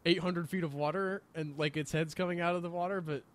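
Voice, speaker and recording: A man's voice: on the high side, steady tone, quick pace, crowd noise. A man co-hosting a podcast in casual chat, enthusiastic and rambling with lots of fillers. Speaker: podcast co-host.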